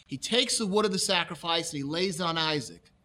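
A male pastor preaching a sermon, reading scripture aloud slowly and explaining the meaning of Hebrew words. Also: on the high side, sharp tone. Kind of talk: expository Bible sermon.

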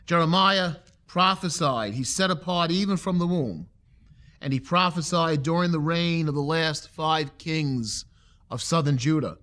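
A man preaching an expository sermon in a somewhat higher-pitched voice. He reads scripture with building force, then drops low and quiet to explain each line. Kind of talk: sermon, expository Bible teaching.

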